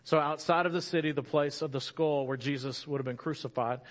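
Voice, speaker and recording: A man preaching a sermon in an animated storytelling way, rising louder for emphasis and dropping soft and slow at key moments. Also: fairly high pitch.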